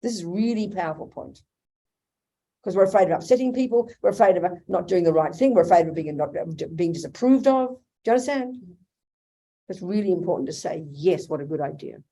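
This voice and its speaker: An older Australian woman giving a Buddhist teaching in a blunt, animated way. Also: lowish voice, brisk. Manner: blunt, animated, quotes imagined dialogue. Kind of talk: Dharma talk with questions. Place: hotel meeting room.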